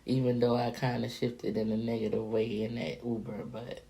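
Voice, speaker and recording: Very deep, gravelly-voiced woman telling a story. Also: moderate pace, a little hiss or hum. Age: adult, past her younger days. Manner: candid, profane, animated storytelling. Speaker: vlogger. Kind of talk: casual storytime monologue.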